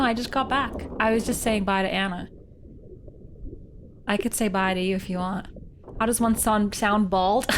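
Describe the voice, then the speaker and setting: A Canadian woman streams a game live, joking animatedly and talking playfully to her chat as she plays. Her voice sits on the high side, with a little hiss or hum in the recording.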